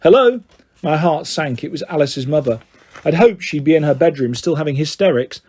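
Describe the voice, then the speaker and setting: A man's voice: a little high, brisk, mellow, slightly rough. Man reading a children's story. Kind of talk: reading a children's book aloud.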